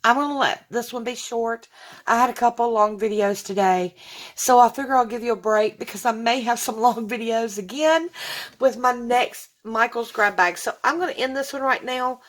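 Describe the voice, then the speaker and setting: A woman's voice: a little high, moderate pace. A woman, gushing as she unboxes gifts in a casual vlog. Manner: gushing and effusive, says y'all. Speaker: vlogger.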